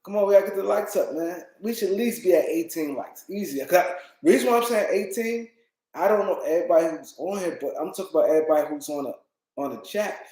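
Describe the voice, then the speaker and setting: A man's voice: high-pitched, quick pace, warm tone, echoey room, poor audio. A tired man hosting a casual livestream, rambling and repeating himself as he talks to his chat. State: tired, yawning. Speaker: livestream host.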